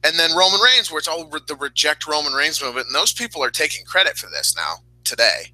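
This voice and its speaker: A man with an intensely bright, forceful voice talks through a heated, profane podcast rant. He swings between annoyance and grudging agreement, talking it through out loud. The sound is dry and close to the mic. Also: a little high, fast, no room sound, rough recording. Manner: profane, heated, animated ranting. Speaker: podcast host. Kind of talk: casual podcast chat.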